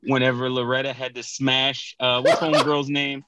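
A man's voice: medium pitch, level tone, moderate pace, over a noisy crowd. A man co-hosting a podcast in casual chat, making dry, sardonic remarks. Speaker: podcast co-host.

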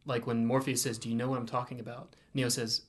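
A man with a mid-range voice talks in a relaxed, reflective way, thinking aloud as he retells film scenes. He co-hosts a casual chat about a film and faith. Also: mid-range voice, fast, noisy background. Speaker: podcast co-host.

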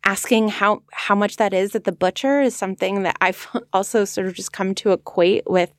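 A woman hosting a podcast, talking in a relaxed, reflective, conversational way and often stopping to think aloud. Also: medium pitch, normal speed, no room sound, clean studio sound. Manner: thoughtful, conversational, frequent "like" fillers. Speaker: podcast host. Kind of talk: casual reflective discussion.

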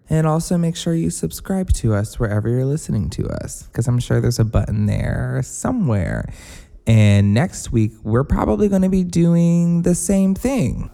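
A man's voice: mid-range voice, gravelly, dark tone. A young man co-hosting a podcast in casual chat, full of "like" fillers and offhand swearing. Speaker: podcast co-host.

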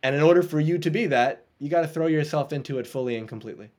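Animated storytelling man, higher voice. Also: fast talker. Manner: animated storyteller, laughs often, acts out voices. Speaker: guest coach. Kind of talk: storytelling interview chat.

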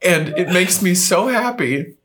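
Lively young man telling a story. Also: high-pitched, unhurried, heavy background noise. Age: young adult. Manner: animated, laughs often while telling. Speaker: podcast guest. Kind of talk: casual storytelling.

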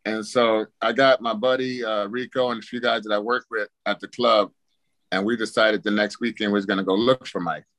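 A man with a fairly low-pitched voice tells a wild personal story briskly as a podcast guest, with no echo. Casual and animated, he swears freely and acts out his reactions.

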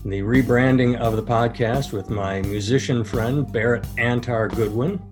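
A man's voice: mid-range voice, measured pace, over music. Man telling a club story on a podcast. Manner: storytelling, animated when quoting others. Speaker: podcast host and comedian. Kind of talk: casual podcast chat.

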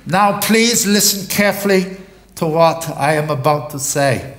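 A man voicing a calm, courteous airline captain making formal announcements to passengers in a raised, higher voice. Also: measured pace, natural voice. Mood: formal, reassuring. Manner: polite announcing tone, stiffly formal.

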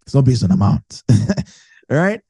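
Dark-voiced man teaching a sermon. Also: mid-range voice, very animated, a little slow, husky, no echo. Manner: chatty, laughs often, self-correcting. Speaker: preacher. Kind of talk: conversational Bible teaching.

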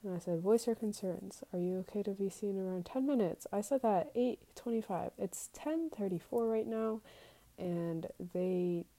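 A woman's voice: mid-range voice, moderate pace, hardly any pauses, mellow, rough recording. A woman recording a casual, confessional podcast episode. She talks candidly and with plenty of swearing, reads her text messages aloud, and sometimes drops to a whisper.

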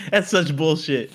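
A young man in casual chat with friends, teasing and joking and laughing often. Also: a little high.

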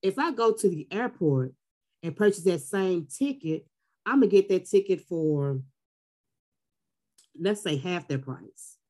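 A woman's voice: fairly low pitch, measured pace, pauses often. A woman in her forties from the Texas Gulf Coast. She talks casually as a podcast guest and tells her stories with lots of life. She often jumps into the voices of the people she quotes. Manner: animated storyteller who acts out quotes.

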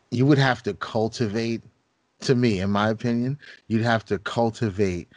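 A man's voice: deep voice, no echo. A man co-hosting a casual podcast, talking bluntly and with plenty of swearing. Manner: blunt and profane, with short agreements. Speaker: podcast co-host. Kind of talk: casual conversational podcast chat.

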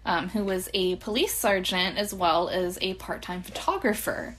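A woman's voice: on the low side, moderate pace, a bit bright. A young woman with a slight lisp, telling a story in casual, profane podcast chat. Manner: chatty, profane, laughs often. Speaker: podcast co-host.

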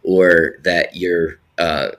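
Guy w a low voice, sick w a cold, lots of um and you know, stops and restarts. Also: little pitch movement, fairly bright tone. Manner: halting, many restarts and fillers. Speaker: film producer. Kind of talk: casual conversation.

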